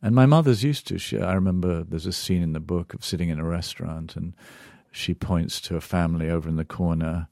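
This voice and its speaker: A man's voice: low voice, fairly quick, gravelly, hardly any pauses, darkish tone, dry recording, studio quality. A middle-aged Englishman, an author and journalist answering interview questions in a thoughtful way, searching for words and turning emphatic when moved. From England.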